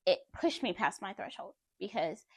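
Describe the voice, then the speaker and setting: A woman's voice: mid-range voice, lively intonation, normal speed, slightly rough, dry recording, studio quality. A woman telling a personal story to her viewers in a candid, conversational way. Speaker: vlogger.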